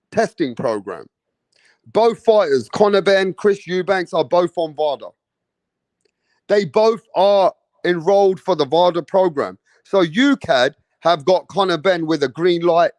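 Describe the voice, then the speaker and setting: In a ranting commentary video with no echo, a young British boxing-channel host speaks in a high-pitched, darkish-toned voice. He addresses viewers directly, heated, profane, and repetitive.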